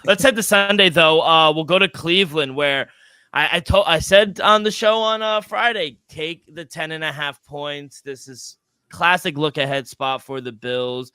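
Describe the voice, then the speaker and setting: A man co-hosting a sports betting podcast, talking casually and excitably, with loose restarts and the odd swear. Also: on the high side, moderate pace, smooth, dry recording. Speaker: podcast co-host.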